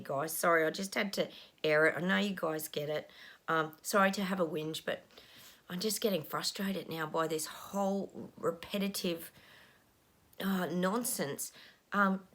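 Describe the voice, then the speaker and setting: A woman's voice: mid-range voice, moderate pace, a bit bright. A middle-aged woman, a psychic talking casually to her viewers, frustrated and ranting, sometimes dropping to a whisper. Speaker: psychic channel host.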